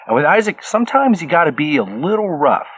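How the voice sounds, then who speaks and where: A man's voice: fairly high pitch, very animated, fairly quick, fairly bright tone, low-quality recording. Male show creator, interview; joking, rambling, faint background noise. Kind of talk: casual documentary interview.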